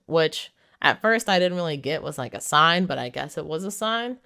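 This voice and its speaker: A woman's voice: low voice, animated, moderate pace, hardly any pauses, a bit bright, smooth. A woman casually recapping a movie's plot, talking in a chatty way with lots of "like". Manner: chatty, heavy use of "like", laughs while retelling. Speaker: movie reviewer.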